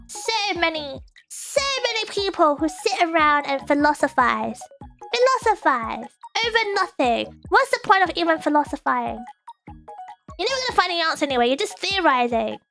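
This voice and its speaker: A woman's voice: sits high, sharp tone. A woman streamer chatting casually and reading viewer comments, giggly and playful with sudden squeals.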